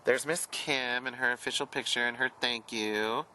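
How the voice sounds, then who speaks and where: A man's voice: mid-range voice, fairly even intonation, normal speed, sharp tone, slight background noise, rough recording. A hairdresser reminiscing frankly as he shows old photos and papers, a chatty, outspoken man who swears freely and talks flamboyantly. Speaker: hairdresser and vlogger. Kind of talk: candid personal reminiscing.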